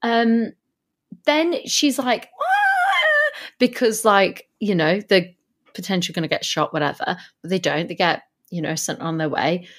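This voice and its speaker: A woman co-hosting a podcast in casual chat, animated and laughing as she acts out characters in funny voices. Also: lowish voice, normal speed. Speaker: podcast co-host.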